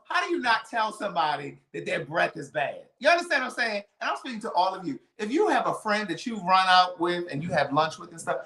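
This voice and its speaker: A man's voice: high voice, sharp tone, reverberant. A man telling a story on a casual live stream. He talks dramatically and piles up vivid adjectives.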